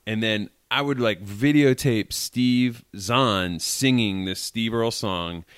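A man in his forties from Massachusetts with a faint Massachusetts accent, chatting as a podcast guest, telling stories in a relaxed, hesitant way with many fillers. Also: lowish voice, slow pace, smooth, no room sound, studio quality. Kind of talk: casual chat.

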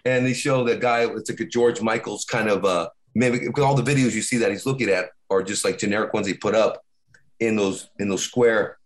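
A middle-aged man co-hosting a podcast, telling stories in casual chat with many restarts and halting repeats. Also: fairly low pitch. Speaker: podcast co-host.

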